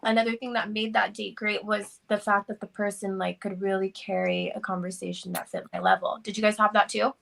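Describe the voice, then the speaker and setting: A woman's voice: medium pitch, little pitch movement, a little fast, vocal fry, hardly any pauses, fairly bright tone. A woman in a casual chat, thoughtfully asking the group questions.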